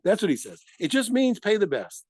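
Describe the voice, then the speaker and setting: A man teaching a daily Talmud study lesson in an animated way, asking himself rhetorical questions and answering them, and often stopping to correct himself. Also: high-pitched, a little fast, dry recording. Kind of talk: daf yomi study lesson.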